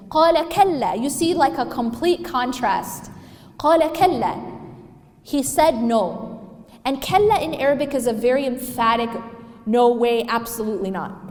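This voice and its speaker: A woman's voice: sits high, darkish tone. A woman giving a religious lecture to an audience, emphatic, often putting questions to the listeners. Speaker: speaker. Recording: echoey hall.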